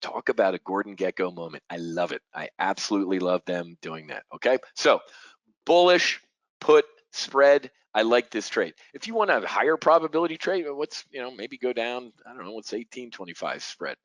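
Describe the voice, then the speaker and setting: A man's voice: lowish voice, lively intonation, a little fast, few pauses, a bit bright, dry recording, low-quality recording. Punchy middle-aged man teaching options trading. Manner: punchy, talks straight to the audience; fighter pilot jargon and rhetorical questions. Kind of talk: live trading webinar walkthrough.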